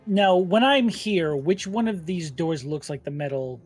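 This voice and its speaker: A player in a casual tabletop game, animated, swearing and laughing a lot. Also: medium pitch, a little slow, faint music behind.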